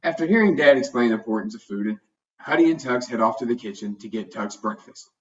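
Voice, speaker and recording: A man narrates a children's storybook in a steady, plain reading voice. His pitch sits in the ordinary middle range. The recording is dull and he sounds distant from the mic. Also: a little fast. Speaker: storybook reader.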